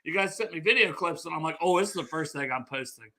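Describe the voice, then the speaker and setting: A man, co-hosting a casual sports podcast and loudly trash-talking a rival team. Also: on the high side, animated, quick pace, noisy background. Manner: loud, profane trash talk. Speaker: podcast co-host.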